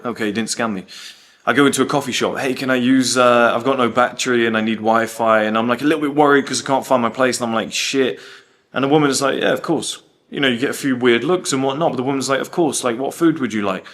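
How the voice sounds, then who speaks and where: A young man talking in a casual vlog, animated and swearing, telling travel stories with quoted asides. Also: medium pitch. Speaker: host.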